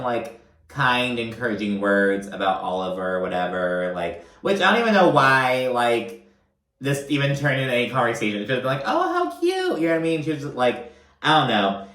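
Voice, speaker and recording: A man's voice: mid-range voice, a bit bright, roomy sound. A man giving casual, profane, gossipy recap commentary on a reality show, full of fillers.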